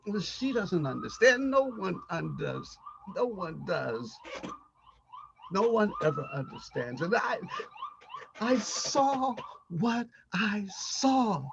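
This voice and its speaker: An actor playing a haunted, reclusive older husband who talks in a halting, stammering, brooding way. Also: male voice, sits high, sing-song, creaky, fairly bright tone, highs cut off, slight background noise, exaggerated voice. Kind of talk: amateur audio drama.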